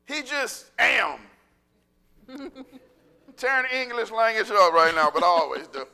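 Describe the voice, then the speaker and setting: A man preaching a sermon in a large church hall, excitable and animated, tripping over his words as he builds up. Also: sits high, creaky. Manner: excitable, animated, with quick restarts and laughter. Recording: echoey hall with long reverb.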